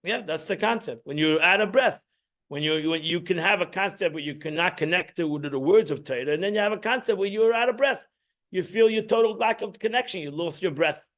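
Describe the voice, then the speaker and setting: A man's voice: high-pitched, fairly quick, fairly bright tone. A man, teaching an informal Torah class in a rambling, emphatic way, restarting and repeating himself.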